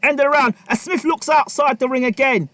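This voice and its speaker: High-voiced excitable boxing commentator. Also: male voice, a little fast, dry recording. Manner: excitable, repetitive, talks to the fighters. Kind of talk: live play-by-play commentary.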